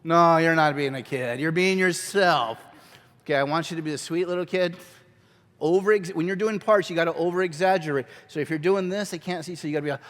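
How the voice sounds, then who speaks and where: Man teaching a lively skit class. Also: a little high, fairly quick, in a large hall. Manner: lively and coaxing, laughs often. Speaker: drama workshop teacher. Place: church hall.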